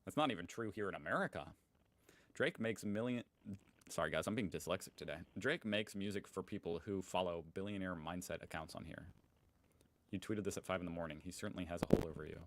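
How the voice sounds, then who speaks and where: Low-voiced sarcastic young man. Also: fairly quick, rough recording. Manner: sarcastic, amused, chatty. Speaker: host. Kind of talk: reaction commentary reading posts aloud.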